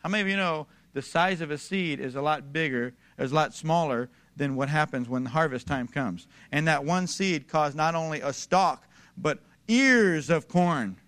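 A male pastor preaching with a bright, forceful edge to his somewhat high voice. He drives his points home emphatically and repeats them as he builds. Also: moderate pace. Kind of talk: sermon.

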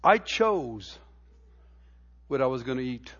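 A man's voice: medium pitch, very animated, takes it slowly, a bit bright, dull audio. A middle-aged man preaching a sermon in a church, telling homey stories with stammered restarts and building to emphatic preaching. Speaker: pastor. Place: church sanctuary.

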